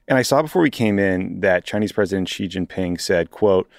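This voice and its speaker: A man's voice: deep voice, lively intonation, a little fast, creaky, no echo, clean studio sound. A man co-hosting a political podcast, reading out news items and then commenting on them in a casual way. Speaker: podcast co-host.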